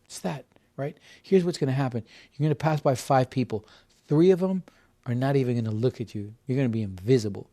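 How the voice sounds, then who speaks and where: Brisk and mellow, this mid-range male voice comes from a fifty-something podcast guest telling a story. He sounds earnest and heartfelt, and his interview-style account is full of restarts and repeated words.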